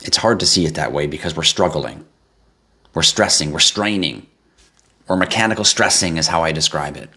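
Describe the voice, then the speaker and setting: Deep-voiced man hosting a casual livestream. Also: normal speed, slightly rough. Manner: animated, laughs and swears, jumps to high yelps for effect. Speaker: livestream host. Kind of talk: casual live chat reading comments.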